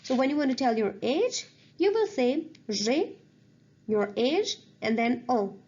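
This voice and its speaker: Woman teaching slow careful French basics. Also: high-pitched, big pitch swings, darkish tone, muffled recording. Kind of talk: scripted language lesson.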